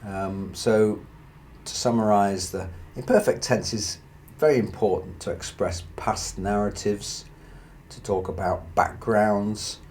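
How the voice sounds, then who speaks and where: A man teaching a grammar lesson, explaining slowly and carefully and reading out example sentences. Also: fairly low pitch, fairly even intonation, darkish tone, a little hiss or hum. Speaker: Spanish teacher.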